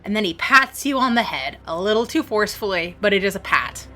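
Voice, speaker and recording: A woman narrating a tabletop game as game master, gentle and encouraging toward her player. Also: medium pitch, animated, a little fast, faint music behind.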